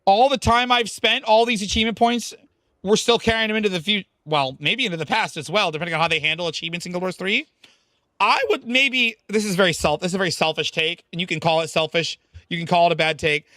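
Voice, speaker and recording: A man's voice: high voice, fast, pushed and bright, no echo, clean studio sound. A man streaming a game, chatting casually with his viewers in a rambling, profane, hyped way. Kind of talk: casual live-stream chat while gaming.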